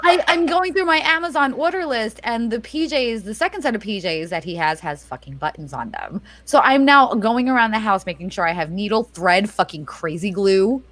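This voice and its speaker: Mother telling a wild story on a video call, swearing freely, high and very animated. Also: normal speed, few pauses, slight background noise. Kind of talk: casual chat on a live stream.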